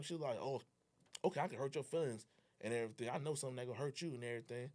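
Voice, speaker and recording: A man's voice: mid-range voice, racing. A young man in casual conversation, telling a personal story and acting out the dialogue, with slang and swearing. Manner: animated, reenacting dialogue; slangy and profane. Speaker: guest.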